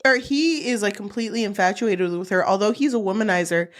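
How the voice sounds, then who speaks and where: A woman's voice: mid-range voice, quick pace. A woman co-hosting a book podcast in casual chat, blunt and chatty, swearing freely.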